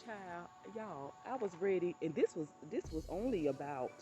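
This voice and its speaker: With a fairly low, dark voice and lively intonation at normal speed, this woman vlogger tells stories over faint background music. She keeps it casual, addresses listeners as "honey," and performs quoted exclamations while laughing.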